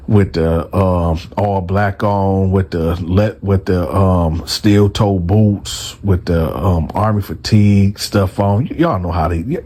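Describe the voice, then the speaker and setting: Animated male storyteller talking to viewers. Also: low-pitched. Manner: animated, talks straight to viewers. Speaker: storyteller, channel host. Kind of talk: casual storytelling.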